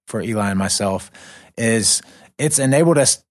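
A man's voice: lowish voice, moderate pace. A young man co-hosting a podcast, chatting casually and loosely, with lots of fillers and restarts. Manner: relaxed, rambling with fillers and restarts. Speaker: podcast co-host. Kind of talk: casual chat. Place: living in the North Caucasus.

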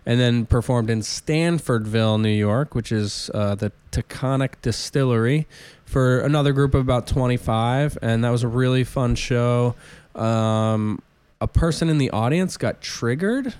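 A man's voice: medium pitch, a little slow, clean tone, no echo. Man telling rambling road stories. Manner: rambling, self-interrupting, animated anecdotes. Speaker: touring stand-up comedian, podcast guest. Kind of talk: casual storytelling chat.

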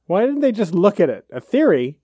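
A man co-hosting a comedy podcast, firing off quick wisecracks and questions. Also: high-pitched, big pitch swings, mellow, husky, no room sound, studio quality. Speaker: podcast co-host. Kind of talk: joking history chat.

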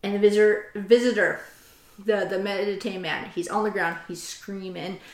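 A woman of middle pitch hosts a casual chat, retelling a story with lively energy and stopping to read passages aloud. Her voice carries a roomy echo. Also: moderate pace. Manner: animated retelling, reads quotes aloud. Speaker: host.

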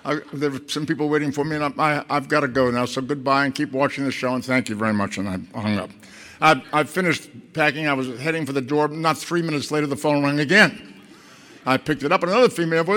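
A man's voice: fairly high pitch, fast. Older man telling wry stories in a hall. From Boston. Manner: relaxed and wry, with frequent restarts. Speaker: guest speaker. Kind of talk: anecdotal storytelling to an audience. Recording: echoey hall.

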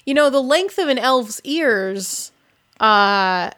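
High-voiced giggly woman player. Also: lively intonation, drawn-out words, sharp tone. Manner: giggly, playful, laughs often. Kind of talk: casual tabletop role-play banter.

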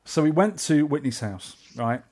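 A man with a London accent, co-hosting a podcast and telling a trip story in casual chat, animated and acting out the people he met. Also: on the high side, moderate pace, slightly rough. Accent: English, London. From England. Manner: animated, acts out quoted voices. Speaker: podcast co-host.

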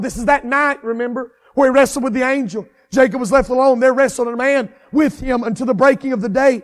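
A man preaching a sermon with fervent, repetitive cadences that swell into shouts. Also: extremely high pitch, in a large hall.

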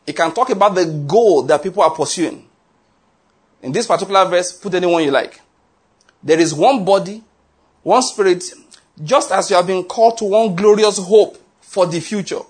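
This male pastor's voice sits high and has a slightly rough texture, moving at a normal speed. He tells stories in his sermon with animation and asks his congregation rhetorical questions.

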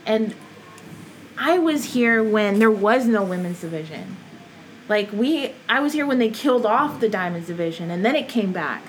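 A woman's voice: medium pitch, normal speed, a little hiss or hum, poor audio. Chatty woman telling wrestling stories. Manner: animated, laughs often, lots of "like". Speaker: professional wrestler guest. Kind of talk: casual storytelling interview.

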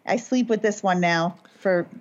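A woman's voice: mid-range voice, a little slow. Playful self-mocking woman co-host. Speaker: podcast co-host. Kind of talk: casual chat. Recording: slightly dull lo-fi audio.

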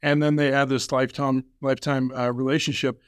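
Thoughtful man hosting, mid pitch. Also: little pitch movement, a little fast, clear, resonant tone, no echo, clean studio sound. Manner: reflective, hesitant, many "uh" and "um". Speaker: podcast host. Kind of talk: conversational interview.

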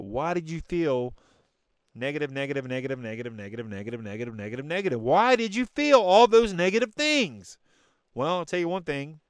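A man delivers a fervent motivational monologue, speaking directly to the listener as a podcast host. His voice sits a touch high and comes across smooth and resonant. The recording is close and dry, with no room sound. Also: fairly bright tone, no room sound. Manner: emphatic and preachy, direct to listener.

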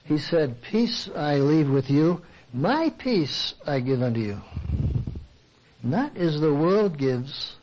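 A man's voice: on the high side, sing-song, slow pace, a little mellow, a little hiss or hum, low-quality recording. An older man giving a conversational sermon, asking rhetorical questions and acting out his listeners' objections. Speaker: Christian speaker and counselor. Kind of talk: sermon talk.

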